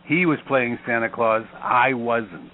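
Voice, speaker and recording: A man's voice: mid-range voice, measured pace, a little hiss or hum. An older man hosting a call-in radio show, talking bluntly, sarcastic and profane. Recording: phone-like line.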